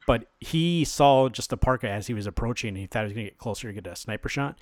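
A man chats casually on a podcast, walking through a comic book's plot scene by scene. He acts out the characters' lines in quick quoted bits and drops casual swears. His voice sits at a middle pitch in a dry, close room with no echo. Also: expressive, a little mellow. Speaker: podcast co-host. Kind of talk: casual chat retelling a comic book.

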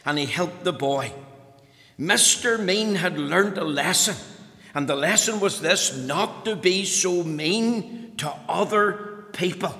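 Bright-voiced man telling a children's story. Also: high-pitched, unhurried. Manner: lively, addresses children with questions. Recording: long hall reverb.

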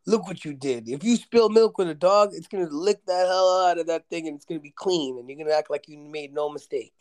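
Podcast co-host, man, animated storyteller, slightly raised pitch. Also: fairly quick, clear, resonant tone. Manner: animated, laughs, acts out pets in put-on voices. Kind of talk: casual chat.

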